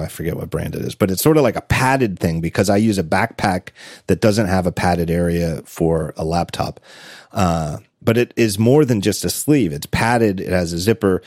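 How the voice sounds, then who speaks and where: A man's voice: low-pitched, a little mellow, no echo, studio quality. A man hosting a podcast in casual chat, telling stories with frequent laughs and self-corrections. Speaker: podcast host.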